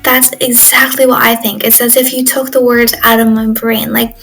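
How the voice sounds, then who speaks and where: A teenage girl chats through her day for a video diary, her voice sitting a little high. She rambles and fills gaps with "like" and "um" as she goes. Faint music plays underneath her. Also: level tone, moderate pace, a bit bright, rough recording. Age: teens. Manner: chatty, rambling, lots of "like" and "um". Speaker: exchange student vlogger.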